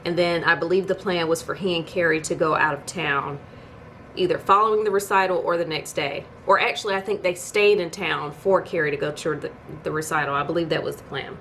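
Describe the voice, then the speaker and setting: A woman's voice: sits low, fairly even intonation, a little fast, fairly bright tone, a little hiss or hum. A woman giving a casual TV episode recap as a video host, chatty and storytelling, with incredulous asides. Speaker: YouTube TV reviewer.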